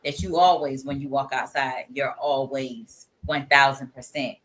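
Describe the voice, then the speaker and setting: A woman's voice: rumbling low, steady tone, measured pace, fairly bright tone. Frank, emphatic woman co-host. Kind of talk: casual podcast talk.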